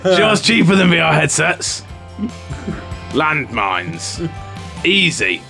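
Man, podcast co-host, crude deadpan humor, lively pitch, gravelly. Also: takes it slowly, soft background music. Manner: crude deadpan jokes, laughing. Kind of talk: casual comedic chat.

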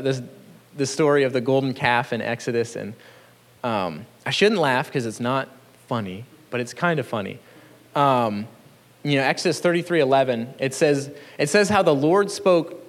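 A man's voice: medium pitch, big-room sound. A man preaching a sermon in an earnest, conversational way, chuckling now and then between points. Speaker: pastor.

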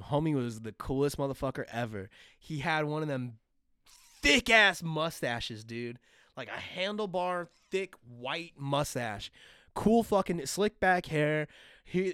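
A young man co-hosting a podcast, telling stories in a casual, profane, animated way. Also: medium pitch, smooth, dry recording, studio quality. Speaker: podcast co-host. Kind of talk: casual chat.

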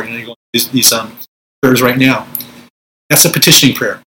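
A man's voice: mid-range voice, steady tone, brisk, long pauses, sharp tone, a little hiss or hum, low-quality recording. A middle-aged man, a Pentecostal minister, teaching spiritual warfare in a conversational preaching style, acting out prayers in a commanding voice.

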